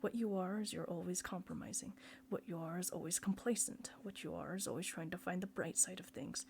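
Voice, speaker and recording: A woman's voice: lowish voice, steady tone, a little fast, creaky, a little mellow, a little hiss or hum. A woman reading the part of a scornful middle-aged male surgeon who lectures and accuses his brother.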